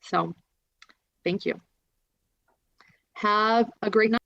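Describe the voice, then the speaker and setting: A woman's voice: mid-range voice, extremely slow, gravelly, a bit bright, dry recording. A woman hosting a livestream, chatting in a rambling way about home and upcoming shows. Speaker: livestream host. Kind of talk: casual livestream chat. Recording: dull lo-fi stream audio.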